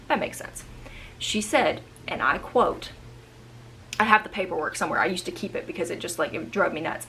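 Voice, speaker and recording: A woman of about thirty telling a personal story in a chatty, animated vlog monologue with frequent asides. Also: on the low side, vocal fry, slight background noise, poor audio. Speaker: vlogger. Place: indoors at home.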